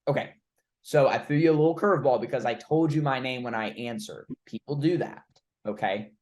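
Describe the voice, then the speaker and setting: A man's voice: medium pitch, fairly quick, darkish tone. A man coaching a trainee through cold-call role-play, blunt and informal, with the odd swear word. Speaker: recruiting coach.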